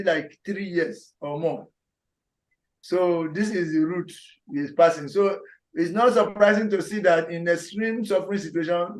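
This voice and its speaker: A man teaching a scripture class online, animated, repeating words and acting out scolding voices. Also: high-pitched.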